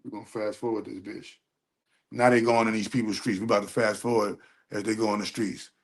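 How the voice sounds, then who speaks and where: A man giving casual, profane reaction commentary on a video, reading search results aloud between loud, animated remarks. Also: lowish voice, brisk.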